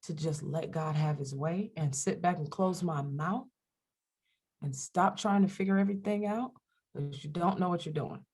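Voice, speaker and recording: In a lowish, slightly rough voice at a moderate pace, a middle-aged woman chats openly as an interview guest about faith. A radio host and comedian by trade, she is an animated storyteller who acts out the voices she quotes.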